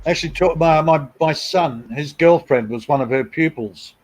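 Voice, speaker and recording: A man's voice: fairly high pitch, moderate pace, low-quality recording. A middle-aged man, chatting on a live stream in a blunt, crude, mocking way. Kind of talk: casual chat.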